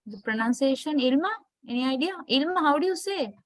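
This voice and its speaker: A woman lecturer with a Sri Lankan English accent, speaking in a fairly high voice over a video call. She explains patiently, stopping to check with her class. The sound is dry and close. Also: expressive, a little fast, no echo, low-quality recording. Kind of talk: online class teaching.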